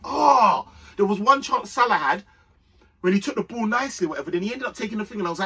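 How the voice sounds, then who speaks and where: A young man giving an excited football match reaction, full of slang, dropping to mutters and rising to shouts. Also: fast talker, breathy edge, distant mic. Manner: animated London slang, swings between low muttering and shouting. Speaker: football fan vlogger.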